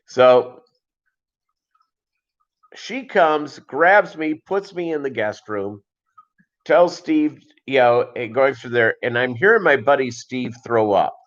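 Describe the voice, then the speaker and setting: A man's voice: mid-range voice, expressive, takes it slowly, pauses often. Middle-aged guy rambling thru a story on a livestream, kinda muffled sound. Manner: rambling, loose, with many restarts and asides. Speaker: livestream host.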